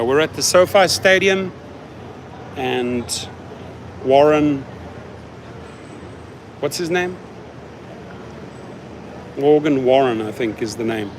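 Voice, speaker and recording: A man's voice: medium pitch, a little hiss or hum. A man talking casually on a livestream from his parked car, chatty and often repeating words as he restarts his sentences. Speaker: rideshare driver host answering live chat.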